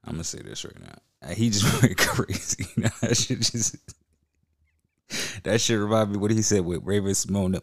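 Deep-voiced slangy podcast host. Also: male voice, expressive, moderate pace, gravelly. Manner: laughing, slangy, profane. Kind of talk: casual podcast commentary.

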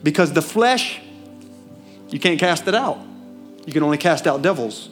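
A man preaching a sermon in a church with a Southern US accent, animated, questioning the congregation and swinging between loud and hushed. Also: on the high side, normal speed, faint music behind. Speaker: pastor.

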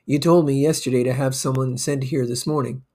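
A man's voice: medium pitch, steady tone, brisk, mellow, natural voice. A man voicing a male office clerk who speaks in a plain, matter-of-fact way.

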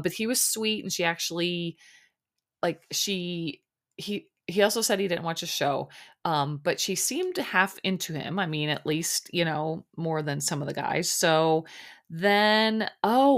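A chatty middle-aged woman with a low voice hosts a podcast on her own, talking casually. She rambles along with plenty of fillers and sounds a bit sleepy. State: sleepy, yawning. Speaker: podcast host recapping a reality show. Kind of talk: casual solo chat.

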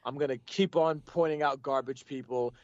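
A man's voice: medium pitch, steady tone, moderate pace, no room sound, dull audio. A man hosting a podcast in casual chat, playfully announcing with mock grandeur. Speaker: podcast host.

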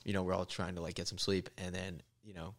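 A young man casually telling rowdy travel stories on a podcast, swearing a lot and loudly acting out the people in them. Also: sits low, level tone, quick pace. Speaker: podcast guest. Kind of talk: casual storytelling.

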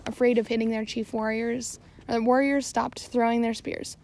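A woman narrating an audiobook in a steady reading voice. Her pitch sits somewhat high with noticeable vocal fry, and she now and then stumbles and corrects herself. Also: normal speed. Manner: steady reading with occasional slips and self-corrections. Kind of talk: scripted narration.

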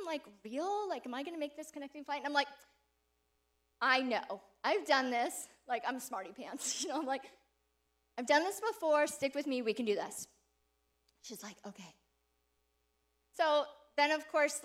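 A woman giving a sermon, telling a personal story with animated delivery and frequent laughter before turning to an earnest call. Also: sits high.

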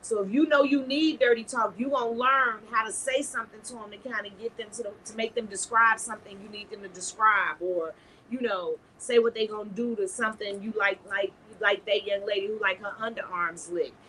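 A woman's voice: medium pitch, steady tone, a little fast, sharp tone, slight background noise, low-quality recording. A woman hosting a podcast, talking frankly and bawdily in casual chat, telling stories with laughter. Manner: frank, bawdy, laughing storyteller. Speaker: podcast host.

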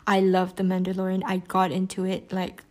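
A woman's voice: lowish voice, monotone, moderate pace. A woman in casual chat, gushing enthusiastically about a podcast she loves, rambling with lots of fillers, restarts and laughs. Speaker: podcast reviewer.

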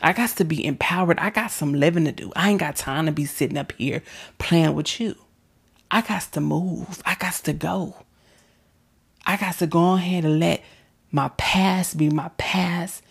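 A woman's voice: deep voice, slightly rough. A woman preaching a motivational sermon and leading a prayer, fervent and exhorting, sometimes dropping to an intimate whisper. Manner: calls listeners "baby", leads them in prayer.

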